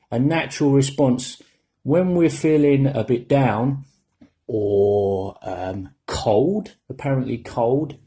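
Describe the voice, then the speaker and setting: A man's voice: mid-range voice, warm tone, breathy edge. A British man in his forties hosting a gaming podcast, chatting in a jokey, rambling way. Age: 40s. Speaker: podcast host. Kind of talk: casual podcast chat.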